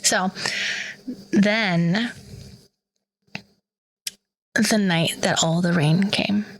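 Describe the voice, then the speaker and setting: A woman's voice: medium pitch, drawn-out words, rough recording. A woman in her thirties, a podcast co-host, animatedly retelling a story in casual chat and acting out the quoted voices.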